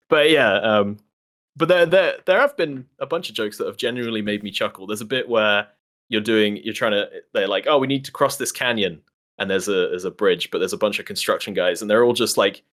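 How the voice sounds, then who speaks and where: A man's voice: on the low side, fairly quick, a bit bright. A man co-hosting a gaming podcast, chatting casually and acting out quotes as he retells things. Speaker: podcast co-host. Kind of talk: casual chat.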